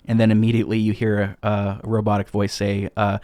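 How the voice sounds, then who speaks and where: Low-voiced man recapping a game. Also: steady tone, normal speed, few pauses, dry recording, clean studio sound. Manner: recaps game plot with fillers and restarts. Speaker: podcast co-host. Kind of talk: casual podcast chat.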